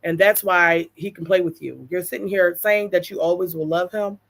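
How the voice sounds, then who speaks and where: A woman's voice: on the low side, moderate pace, vocal fry. A woman hosting a reaction channel, reading viewer comments aloud and giving blunt, exasperated opinions with frequent swearing.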